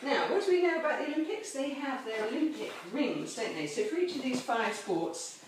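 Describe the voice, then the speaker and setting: A high-voiced woman with big pitch swings speaks briskly, a crowd audible behind her, as she leads a children's chapel assembly from home, indoors and out in a garden course. She cheerfully and playfully explains games step by step in this home video lesson. A helper holds the camera some distance away, so the sound is echoey and distant with faint noise.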